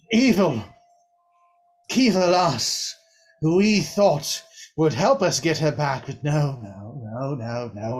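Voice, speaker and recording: A proud high elf lord, as a man plays him, speaks slowly and with weight. His husky voice stays haughty and stern. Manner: haughty, slow, emphatic.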